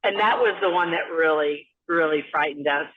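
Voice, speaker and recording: A woman's voice: low voice, moderate pace, narrow, tinny audio. Woman telling a ghost story by phone. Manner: storytelling, acts out quoted voices. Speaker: caller.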